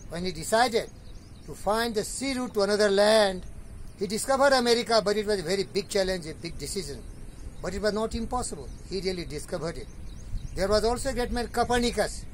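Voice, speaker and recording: A man giving a motivational talk and reciting a poem, building to emphatic shouted repetitions. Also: high-pitched, slight background noise. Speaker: motivational speaker.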